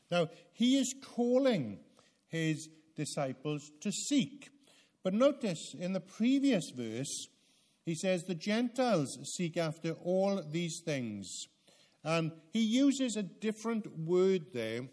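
Male preacher, slightly high voice, slow deliberate sermon delivery. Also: darkish tone. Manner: measured, earnest teaching with frequent hesitations.

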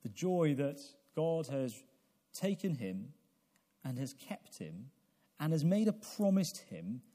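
A man's voice: a little high, sing-song, slow, mellow. A man preaching an evening sermon, asking rhetorical questions and building to emphatic peaks, often repeating a word as he restarts. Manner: repeats words when restarting.

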